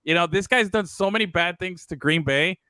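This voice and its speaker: A man with a bright, crisp voice talks football in a loose, rambling way, swearing freely. The sound is dry and close. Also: high-pitched, fairly quick, no room sound. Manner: loose and profane, rambling with fillers. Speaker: podcast co-host. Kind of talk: casual sports talk.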